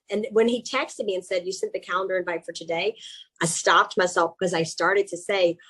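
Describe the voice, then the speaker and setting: Husky Southern-accented woman coaching. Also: mid-range voice, brisk, poor audio. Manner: chatty and animated, with self-mocking asides. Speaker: executive coach. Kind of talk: webinar presentation. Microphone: video call.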